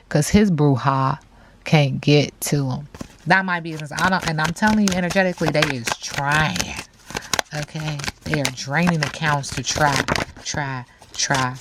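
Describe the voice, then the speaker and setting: Low-voiced chatty woman tarot reader. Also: measured pace, noisy background. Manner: chatty, slangy, frequent asides. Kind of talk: casual tarot reading to camera.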